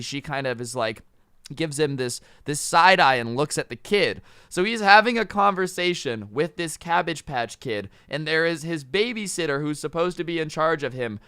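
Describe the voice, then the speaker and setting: A young man tells a story in a loose, chatty way, tossing in "dude" and acting out the lines he quotes. His voice sits a little high and sounds bright and clear. It is recorded close on the mic, dry with no room sound. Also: no echo. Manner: chatty, says dude a lot, acts out quotes. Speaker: storytime youtuber. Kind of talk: casual storytelling.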